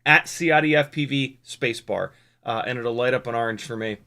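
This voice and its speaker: Bright-voiced man chatting on a stream. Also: mid-range voice, fairly quick. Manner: rambling, self-mocking, frequent restarts. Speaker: streamer reading chat. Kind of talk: casual live-stream chat. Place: home workshop at a workbench.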